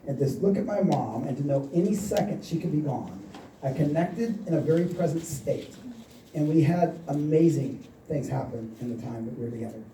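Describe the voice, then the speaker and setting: Dark-voiced man speaking on a seminar stage. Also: on the high side, lively intonation, moderate pace, slight background noise. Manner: storytelling, acts out quoted dialogue. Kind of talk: motivational seminar talk. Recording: echoey hall, mic at a distance.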